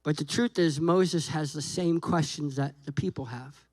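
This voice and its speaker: A man's voice: a little high, moderate pace, no echo, low-quality recording. A man preaching a sermon as a guest pastor, joking and acting out conversations with God and Moses. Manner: animated, jokey, acts out dialogue with God and Moses.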